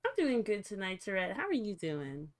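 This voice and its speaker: A woman streamer chatting casually to her viewers, swearing freely and reacting out loud while she fiddles with settings. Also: mid-range voice, big pitch swings, normal speed. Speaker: livestreamer. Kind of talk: casual livestream chat.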